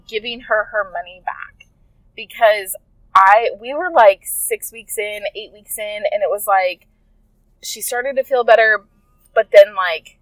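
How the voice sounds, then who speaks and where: Poor audio captures a slightly high, somewhat bright female voice with no room sound. She's a health coach on her podcast, recounting a client's story to listeners in a loose, warm, wandering style and often correcting herself partway through sentences.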